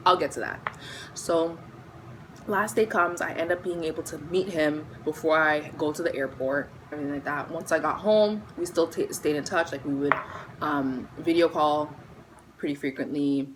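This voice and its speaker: Young woman, low voice, casual storytime vlogger, faint hiss behind. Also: moderate pace. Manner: chatty, animated retelling with quoted voices.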